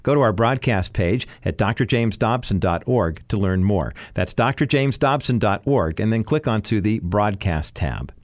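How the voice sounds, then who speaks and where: A man reading a scripted radio announcement in a steady, earnest way. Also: on the low side, moderate pace, few pauses, dry recording, clean studio sound.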